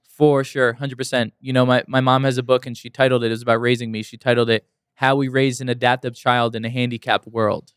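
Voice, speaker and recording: A man's voice: medium pitch, flat delivery, a little fast, a bit bright, smooth, no echo, studio quality. Earnest man telling a story. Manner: earnest, emphatic, repeats for emphasis. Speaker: motivational speaker, guest. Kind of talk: casual interview storytelling.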